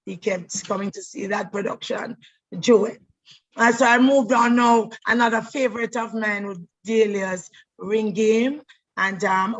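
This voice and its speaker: Animated woman telling stories. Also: medium pitch, poor audio. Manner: animated, repeats words, breaks into voices and laughter. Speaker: stage actress. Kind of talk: personal storytelling monologue.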